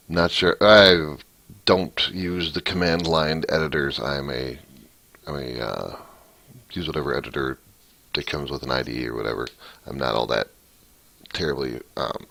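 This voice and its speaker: A man with an extremely low, gravelly voice talks through code in a casual walkthrough. He speaks slowly and thinks aloud, reading out each line as he types. He rambles and restarts often. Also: fairly bright tone, no room sound. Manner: thinks aloud, reads code out while typing. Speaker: hobbyist programmer.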